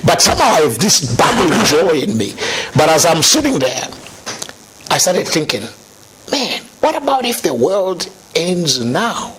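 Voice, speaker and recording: A middle-aged man telling his conversion story as a guest, animated and laughing now and then. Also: on the high side, unhurried, slight background noise. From Zambia. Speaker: guest sharing testimony.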